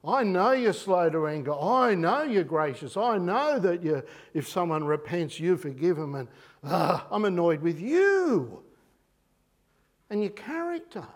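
A man's voice: sits high, very animated, a little slow, exaggerated voice. A man voicing a sulking, resentful prophet who complains to God in an aggrieved, whining way.

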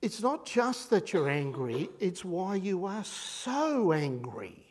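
An Australian man preaching a sermon in a conversational, animated way, full of rhetorical questions. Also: high-pitched, slow pace, hardly any pauses, husky.

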